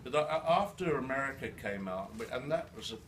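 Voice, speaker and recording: An older man speaking to a live audience, halting with many restarts, his words slightly slurred by a new denture. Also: mid-range voice, lively intonation. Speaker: guest speaker. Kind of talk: live storytelling talk. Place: event hall with an audience. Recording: distant mic in a noisy room.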